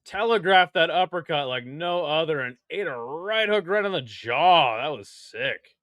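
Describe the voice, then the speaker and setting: A young man hosting a casual live-stream watch party, crude and excitable, joking with his chat. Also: fairly high pitch, unhurried, no echo.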